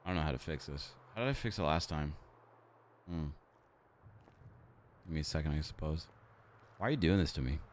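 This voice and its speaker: Man, streamer, very deep voice, rambling casual chat, faint background hiss. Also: animated, brisk, long pauses. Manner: rambling, many fillers and restarts. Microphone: XLR mic.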